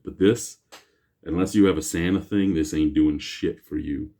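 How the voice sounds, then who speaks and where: A man's voice: moderate pace, dark tone. A man, hosting a casual beer review vlog, chatty and rambling with self-mocking jokes, recorded on a camera mic. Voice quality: deep voice. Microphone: camera mic, no lapel mic.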